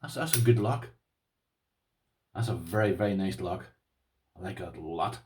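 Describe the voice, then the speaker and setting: Irish guy with a lowish voice, chatty and rambly, unboxing locks and saying thanks a lot. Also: normal speed, a little mellow, a little hiss or hum. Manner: chatty, appreciative, rambling with restarts. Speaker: lock-picking vlogger. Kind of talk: casual unboxing chat.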